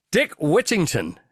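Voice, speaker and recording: An English man chats as a guest over a video call, acting out scenes as he tells stories. His voice sits a little high and rises and falls a lot. The sound is dry and close. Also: no room sound. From Britain. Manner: animated storyteller, acts out scenes. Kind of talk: casual chat.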